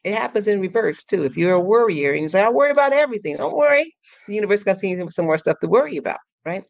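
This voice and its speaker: A woman coach guesting on a podcast, speaking in a lively, animated way, laughing often and acting out her inner voice in playful high tones. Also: very fast, gravelly, no echo. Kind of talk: casual podcast interview.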